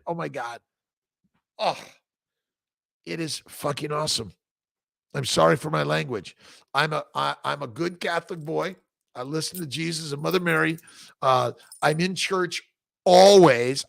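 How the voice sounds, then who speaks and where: Gravelly, excitable doctor on a live stream. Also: male voice, a little high, no room sound. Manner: excitable, repetitive, salty language, frequent "right?". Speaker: fertility doctor hosting a live chat. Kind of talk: casual live-stream chat answering viewer questions.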